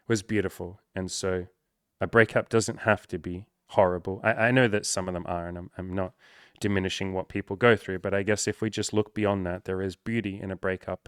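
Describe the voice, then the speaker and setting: A man's voice: sits low, dry recording, studio quality. A young man hosting a podcast, talking candidly and near tears in a personal monologue, swearing freely. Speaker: podcast host.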